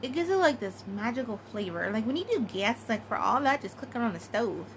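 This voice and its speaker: A woman's voice: a little high, very animated, brisk, slight background noise, low-quality recording. A woman chatting casually and giggling, with many fillers, as she answers a tag. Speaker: craft vlogger.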